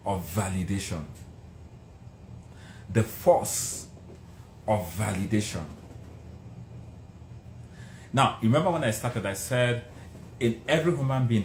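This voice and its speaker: A middle-aged motivational speaker with a fairly low, slightly mellow voice delivers a passionate, emphatic speech, hammering his points home by repeating phrases. The room adds a noticeable echo, and there is faint background noise.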